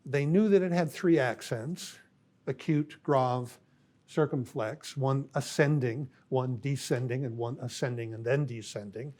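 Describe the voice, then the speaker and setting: An older man giving a university lecture in a thoughtful, unhurried way, often pausing with fillers. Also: mid-range voice, darkish tone. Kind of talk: classroom lecture.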